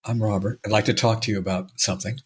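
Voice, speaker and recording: A man doing a hushed, slow-talking confider. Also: fairly low pitch, fairly even intonation, slightly rough. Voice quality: talks slowly and below normal volume. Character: impression of a real screenwriter, slow, hushed, intimate.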